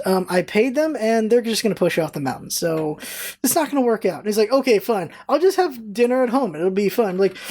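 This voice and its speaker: Woman vlogger, fairly high voice, casual storytelling, animated delivery with raised voices for quoted lines.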